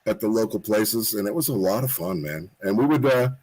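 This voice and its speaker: A man's voice: fairly low pitch, animated, a little fast, darkish tone, breathy edge, low-quality recording. Chatty, slightly tipsy man. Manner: rambling, chatty, swears freely. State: tipsy after a few drinks. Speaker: guest. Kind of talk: casual chat.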